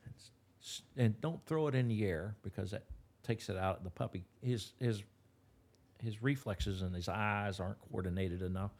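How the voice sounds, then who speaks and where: This West Virginia man, a dog trainer, speaks with an Appalachian accent in a low-ish, darkish voice at normal speed. As a casual interview guest he's folksy and rambling, often starting sentences over.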